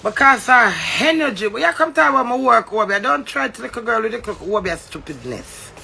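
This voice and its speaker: Jamaican man, heated rant, confrontational, bright tone, gravelly. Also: extremely high pitch, big pitch swings, fairly quick, slight background noise. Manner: confrontational, swearing, preachy.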